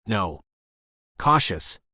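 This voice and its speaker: A man's voice: fairly low pitch, sing-song, extremely slow, sharp tone, dry recording, studio quality, full character voice. A man reading a curt, paranoid hacker. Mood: curt, suspicious. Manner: curt and accusing. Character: suspicious paranoid male hacker partner, cold. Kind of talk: audiobook character voice.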